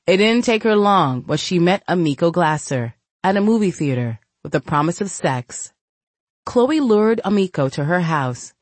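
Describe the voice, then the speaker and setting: Woman audiobook narrator, low voice, lively expressive reading, dry close recording. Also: moderate pace, no echo. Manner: expressive, voices each character. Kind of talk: scripted narration.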